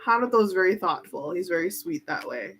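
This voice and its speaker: A woman reading tarot cards in a casual, chatty way, excitable and giggly. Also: lowish voice, fairly quick, slight background noise, low-quality recording. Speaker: tarot reader. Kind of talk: casual chat.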